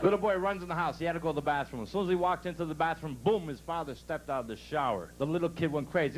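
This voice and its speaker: A man's voice: fairly high pitch, quick pace, hardly any pauses, slight background noise, rough recording. A man doing stand-up for a live crowd, telling folksy dirty jokes and laughing at his own punchlines. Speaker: stand-up comedian.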